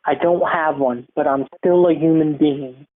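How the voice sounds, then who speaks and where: A young podcast host putting on a whiny, self-pitying male president who slowly pleads to be treated with respect, heard over a tinny phone-like line. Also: medium pitch, fairly even intonation, close to an everyday voice. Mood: pleading. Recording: tinny phone-like recording, faint hiss.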